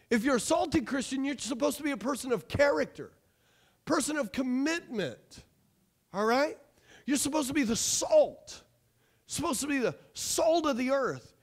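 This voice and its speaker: A man pastor preaching a lively sermon with rhetorical questions, asides and jokes to his congregation. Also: very high-pitched.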